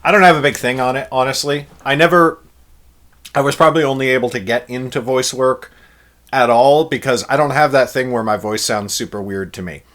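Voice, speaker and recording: A man's voice: medium pitch, steady tone, brisk, a bit bright. A young adult man, an author on a live stream, reading his own novel aloud and chatting with viewers in a candid way.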